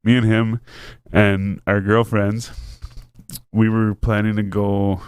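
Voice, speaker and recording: A man's voice: fairly low pitch, takes it slowly, clean tone, no room sound. Laughing, swearing podcast host man. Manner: animated, laughing, swears a lot, acts out voices. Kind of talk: casual storytelling.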